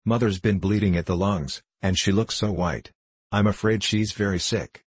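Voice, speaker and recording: A man's voice: lowish voice, fairly even intonation, normal speed, husky, dry recording. A man voicing a frightened, tearful young girl in a storybook reading.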